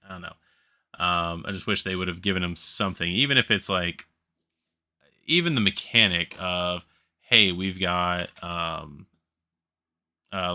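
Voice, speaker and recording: A man's voice: low-pitched, pushed and bright. A sleepy man hosting a board game channel, chatting casually and rambling, correcting himself and laughing at his own slips. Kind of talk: casual solo commentary on a crowdfunding campaign.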